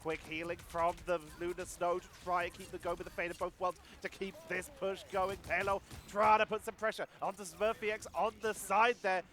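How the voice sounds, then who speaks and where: A man casting a competitive video game match live, giving rapid play-by-play and chatting about viewer comments. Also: high voice. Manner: rapid excited play-by-play, talks to chat. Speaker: esports caster.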